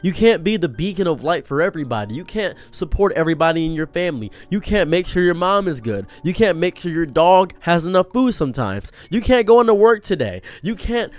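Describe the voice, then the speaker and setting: A man's voice: high-pitched, sing-song, fairly quick, few pauses, soft background music. A man giving an earnest motivational monologue, preachy and direct, acting out the voices he quotes. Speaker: streamer giving a pep talk.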